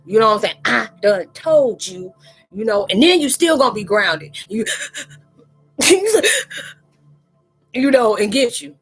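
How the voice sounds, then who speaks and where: A woman hosting a live chat, telling casual stories in an animated, slangy way, often laughing and acting out quoted voices. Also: a little high, fast talker, hardly any pauses, slightly rough, soft background music, low-quality recording.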